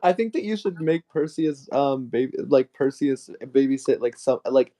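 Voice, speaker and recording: A man's voice: medium pitch, animated, normal speed, dark tone. A young man, a friend joining a casual livestream chat, laid-back and teasing, often laughing. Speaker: guest friend.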